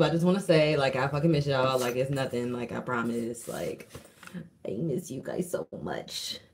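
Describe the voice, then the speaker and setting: Young woman, livestream vlogger; low, slangy, candid, swears a lot. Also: expressive, normal speed, darkish tone, a little hiss or hum. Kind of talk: casual livestream chat. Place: at home.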